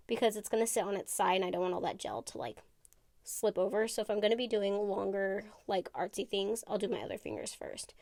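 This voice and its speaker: A woman's voice: medium pitch, darkish tone, no room sound, clean studio sound. A woman narrating a casual how-to vlog in a chatty, rambling way, full of asides. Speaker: nail tutorial vlogger.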